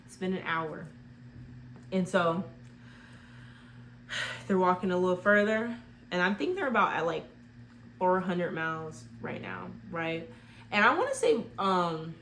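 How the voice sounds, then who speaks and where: A woman's voice: fairly low pitch, a little hiss or hum. A woman casually retelling a movie plot in a rambling way, full of "like" fillers. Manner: rambling, heavy use of "like" fillers.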